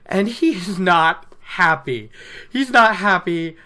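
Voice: medium pitch, expressive, takes it slowly, sharp tone. A podcast host casually retelling a novel from notes, chatty and laughing between asides. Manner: chatty, laughing, self-interrupting. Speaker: book recap podcast host.

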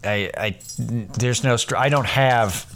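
A man's voice: mid-range voice, slow pace, a bit bright, a little hiss or hum. Middle-aged comedian guy rambling on his podcast, swears a lot, keeps restarting, medium voice. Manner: rambling, profane storytelling with many restarts. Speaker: podcast host; stand-up comedian. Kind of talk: casual solo podcast monologue.

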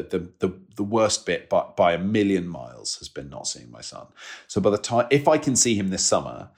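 A man in his forties telling personal stories candidly as a guest, halting often and restarting his sentences, with an emotional, self-deprecating manner. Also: low voice. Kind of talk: candid conversational storytelling.

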